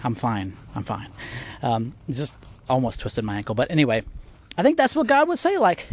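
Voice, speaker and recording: A man's voice: medium pitch, very animated, brisk, no echo. A middle-aged man hosting a podcast, giving a casual devotional talk while walking outdoors, thinking aloud with restarts. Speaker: podcast host.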